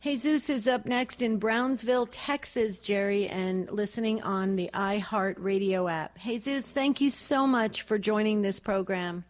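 A woman's voice: mid-range voice, a little slow, few pauses. Effusive female talk radio co-host.

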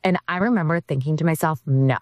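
A woman's voice: deep voice, a little fast, dry recording, studio quality. A woman telling a personal faith story as an interview guest, earnest and vivid.

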